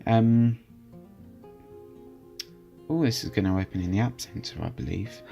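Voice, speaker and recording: A young man with a lowish voice talks casually through a screen recording. He is chatty and easygoing, often hesitating and restarting his sentences. Faint music plays underneath. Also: measured pace, creaky, warm tone. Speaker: channel host reviewing software.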